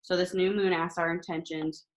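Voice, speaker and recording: A woman in her thirties hosting a casual astrology talk, chatty and animated, swearing freely as she tells stories. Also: lowish voice, normal speed, rough recording. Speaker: spiritual host.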